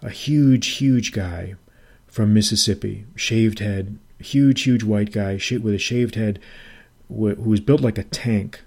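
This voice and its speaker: Low-voiced middle-aged man telling a story. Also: creaky, a little mellow. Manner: deliberate, often repeats and restates phrases. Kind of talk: reflective personal storytelling monologue.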